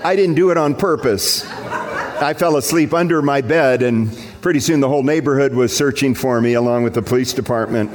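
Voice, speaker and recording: A man's voice: medium pitch, fairly quick. A male pastor preaching a sermon in a church, telling stories in an earnest tone. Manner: storytelling, earnest.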